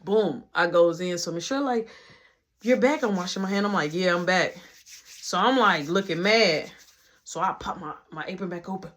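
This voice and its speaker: An animated young man spins a casual storytime yarn in loose slang, jumping into the voices of everyone in it. His delivery is lively and conversational throughout. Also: high voice, normal speed. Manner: animated, slangy, acts out quotes. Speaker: vlogger telling a story.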